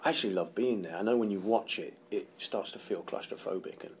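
An English man chats in a relaxed press interview and tells animated stories. His voice sits on the low side. Faint noise hums behind him. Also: fast talker. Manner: animated storyteller, laughs often, acts out quotes. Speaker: actor being interviewed.

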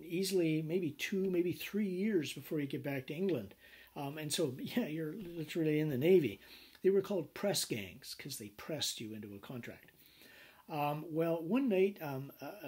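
A man teaching a business law class, telling anecdotes in an animated way with many fillers. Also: a little high, breathy edge. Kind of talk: recorded lecture.

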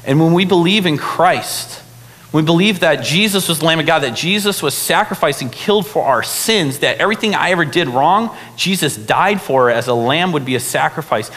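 A young man preaching a sermon in a casual, animated way, full of fillers like "right?" and "like". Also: fairly high pitch, normal speed. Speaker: pastor. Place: church hall. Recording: long hall reverb.

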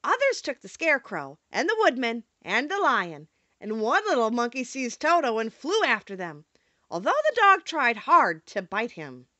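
A woman narrating a storybook audiobook in an expressive reading manner. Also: a little high, moderate pace, dry recording, dull audio.

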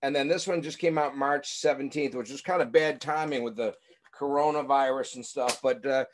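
A man's voice: mid-range voice, steady tone, normal speed, rough recording. A man from Massachusetts giving a friendly step-by-step drawing lesson to kids over a webcam. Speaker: illustrator teaching drawing. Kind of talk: drawing lesson on a video call.

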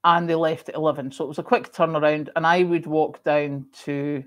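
This livestream host is a middle-aged woman from Scotland whose accent is moderated, speaking in a low, steady, brisk voice. She reads out viewer comments in a relaxed, chatty way, punctuated by frequent coughs and ums.

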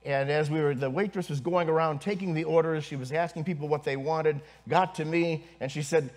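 A man who is a pastor, preaching a sermon to his congregation, earnest and building to emphasis, with pauses and fillers. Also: fairly high pitch, steady tone, a little mellow. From northern United States. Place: church congregation.

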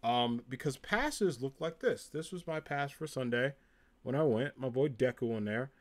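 A man's voice: medium pitch, animated, moderate pace. A young man with a New Jersey accent chatting casually on a live stream, upbeat and full of ums and likes. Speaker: live streamer showing a convention haul.

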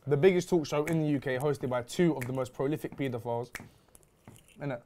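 A man's voice: mid-range voice, a little fast, dark tone, slight background noise. A man hosting a chat show, brash and teasing, swearing freely. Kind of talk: casual chat.

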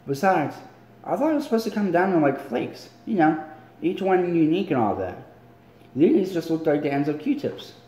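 A man's voice: a little high, very animated, normal speed, mellow, echoey room, voice pushed up. A man voicing a sarcastic teenage girl in a raised, girlish voice, reading aloud from a book. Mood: grumpy.

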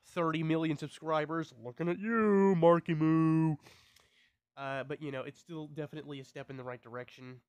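Rambling young man, slightly high voice. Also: clear, resonant tone, no room sound. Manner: rambling, stumbles on words, swears. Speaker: YouTuber. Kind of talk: casual vlog to subscribers.

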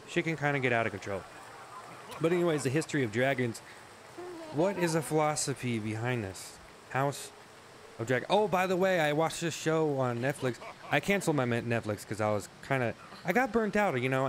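A man's voice: medium pitch, noisy background. A man rambling through a comedic monologue, often cutting himself off, swearing and joking. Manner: rambling, self-interrupting, swears often, jokey. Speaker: comedy vlogger.

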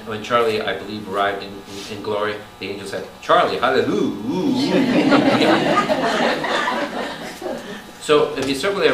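A Catholic priest with a medium-pitched voice leads an animated Bible study, constantly quizzing his audience and bursting into loud exclamations. The room is echoey, the mic is distant, and background noise can be heard.

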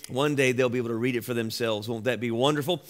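Male pastor, average pitch, talking casually to the congregation in the church, anecdotal and unpolished. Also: steady tone, fast talker. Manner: conversational, storytelling with many fillers. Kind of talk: informal sermon remarks. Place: church sanctuary.

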